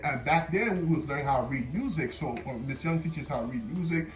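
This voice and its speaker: Animated young man telling a story, roomy echo. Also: a little high, fairly quick. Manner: animated, stammering retelling with sudden loud outbursts. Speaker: vlogger. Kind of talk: casual storytime. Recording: roomy echo with faint music.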